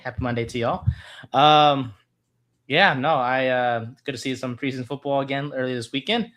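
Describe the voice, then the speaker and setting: A man who produces a sports podcast, chatting casually with loud, excited outbursts. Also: mid-range voice, moderate pace.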